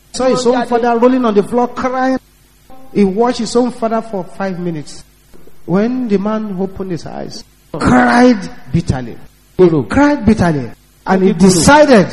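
A male preacher delivers an emphatic sermon in a high, strongly swinging voice. He drives his points home with repeated warnings. The sound carries a long hall reverb. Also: a little mellow.

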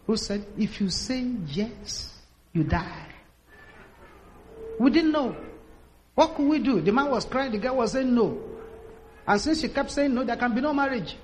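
Man, high voice, preaching, dramatic storyteller, faint background hiss. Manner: dramatic storytelling, acts out quotes, builds to shouted prayer. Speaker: pastor. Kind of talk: sermon.

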